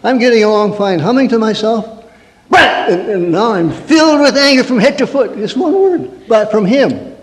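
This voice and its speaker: With a high-sitting, animated voice at a normal pace, a male counselor gives a humorous sermon-style address. Stories, rhetorical questions, and mock-angry asides fill the talk, which echoes in a reverberant hall.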